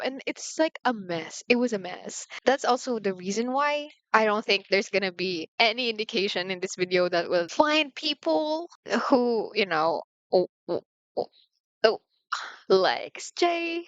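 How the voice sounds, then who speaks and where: A woman's voice: mid-range voice, fairly bright tone, dry recording. A young woman talking casually to her viewers, rambling and slangy with lots of "like", candid and confessional. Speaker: vlogger. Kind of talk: casual confessional chat to camera. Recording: slightly muffled, dry room.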